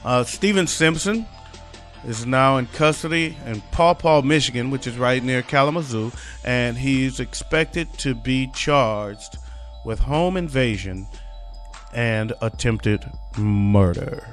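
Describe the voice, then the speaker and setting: A man's voice: medium pitch, takes it slowly, faint music behind. A man hosting a comedic news talk show, reading odd stories with loose, profane wisecracks. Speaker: podcast host.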